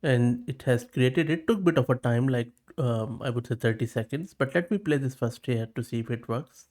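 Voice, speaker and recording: A man hosting a tech video, walking through a demo in a relaxed, chatty way. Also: mid-range voice, normal speed. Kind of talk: casual screen walkthrough.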